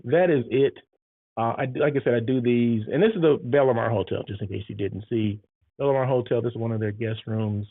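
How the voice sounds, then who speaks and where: A man's voice: medium pitch, fairly quick, creaky, husky, dry recording. A man talking in a casual vlog monologue, chatty and frequently checking in with the listener. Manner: chatty, keeps checking in with "right?" and "okay?". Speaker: hotel site selection planner and vlogger. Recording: tinny phone-like sound.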